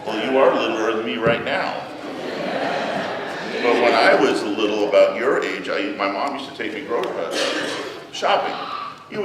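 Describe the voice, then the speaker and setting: Man telling children a story in an echoey church. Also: on the low side. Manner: gentle storytelling to children, asking questions. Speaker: church children's message leader. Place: large church hall. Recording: echoey hall, mic far off, room noise.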